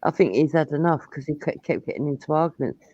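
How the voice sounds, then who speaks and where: A middle-aged woman with a Cockney accent, hosting a casual live-stream chat, telling animated stories and swearing freely. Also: low voice, quick pace, dry recording. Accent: London Cockney. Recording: dull lo-fi stream audio.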